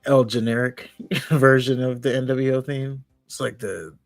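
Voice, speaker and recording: A man's voice: mid-range voice, steady tone, measured pace, dry recording, studio quality, soft background music. A man co-hosting a podcast, making wry, chuckling asides in casual chat. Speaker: podcast co-host.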